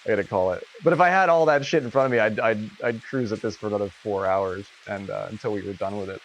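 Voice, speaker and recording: A man's voice: on the low side, steady tone, fast talker. A man hosting a casual livestream who laughs often and swears freely. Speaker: livestream host.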